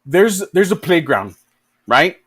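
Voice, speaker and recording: A man's voice: on the high side, sing-song, slow pace, fairly bright tone, husky. A man hosting a podcast in casual chat, rambling and swearing often. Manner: rambling, profane, laughs often. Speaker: podcast host.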